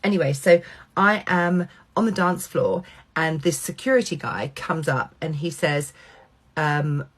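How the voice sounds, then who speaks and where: A middle-aged woman vlogger telling a personal anecdote, animated, swearing freely and acting out quoted lines. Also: deep voice, a little slow.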